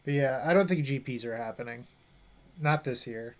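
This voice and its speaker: Young male streamer, casual mid-pitch talk, plays narrated as he thinks, loose chat with the audience. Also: moderate pace. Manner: thinking aloud, chatting with viewers between plays. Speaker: streamer playing a card game. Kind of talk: casual gameplay commentary.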